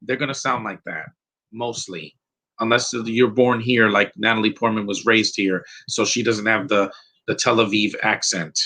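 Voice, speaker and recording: A man's voice: lowish voice, bright, forceful tone, low-quality recording. A man giving a rambling, opinionated live commentary over a film, restarting his sentences often. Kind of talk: casual live movie commentary.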